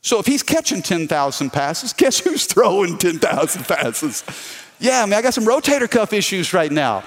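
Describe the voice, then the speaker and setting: A man, lively and calling for amens. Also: sits high, normal speed. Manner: lively preaching with call-and-response. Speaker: pastor. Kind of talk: sermon.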